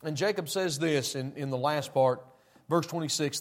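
Folksy preacher man. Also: normal speed. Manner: folksy, swings between loud emphasis and low asides. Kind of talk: sermon.

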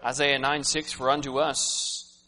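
A man in his thirties preaching a personal, emotional sermon, swinging from loud to hushed. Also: mid-range voice, level tone, a little slow. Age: 30s. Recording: reverberant hall, faint hum.

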